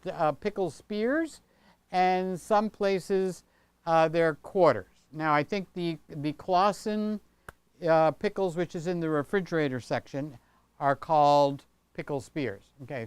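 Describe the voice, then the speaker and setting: A man's voice: fairly high pitch, unhurried, smooth, no echo. An older man hosting a casual livestream from his home studio, rambling and chatty, often tagging on "okay?". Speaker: channel host. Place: home studio room with set pieces.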